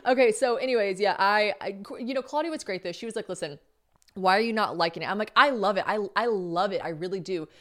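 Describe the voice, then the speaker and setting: A young adult woman hosting a solo podcast, telling stories in a chatty, animated way, acting out quoted dialogue and swearing casually. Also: mid-range voice, quick pace. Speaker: podcast host.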